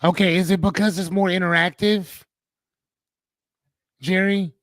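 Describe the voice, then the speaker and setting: Hosting a live coaching stream, a man reads out viewer comments and riffs on them, animated, slangy and joking. His voice is a little high and his pace measured. The sound is dry and close to the mic, with no room sound.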